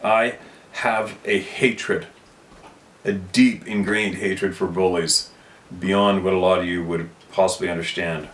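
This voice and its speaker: A man's voice: sits low, fairly even intonation, slow, fairly bright tone, roomy sound, far from the mic. A man hosting his own channel, talking unscripted to camera in a rambling, impassioned way, repeating himself for emphasis and swearing bluntly. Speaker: channel host.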